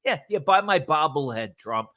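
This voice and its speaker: Loud ranting man, bright voice. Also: fairly high pitch, animated, normal speed. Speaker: guest, host's husband. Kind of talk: casual profane rant on a live stream.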